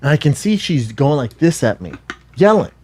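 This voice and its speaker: Guy rambling through a story in a played podcast clip, lively up-and-down voice, repeats himself. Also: on the high side, moderate pace, a little hiss or hum. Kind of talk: casual anecdote telling.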